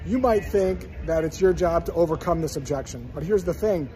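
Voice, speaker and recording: A man coaching listeners on cold calling in a calm, direct instructional talk. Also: a little high, moderate pace, faint music behind, rough recording. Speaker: sales coach.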